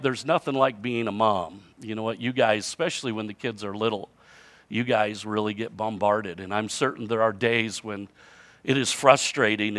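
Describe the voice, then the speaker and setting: A man's voice: mid-range voice, fairly bright tone. A middle-aged man preaching a sermon in a conversational way, repeating words and building to emphatic points. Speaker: pastor.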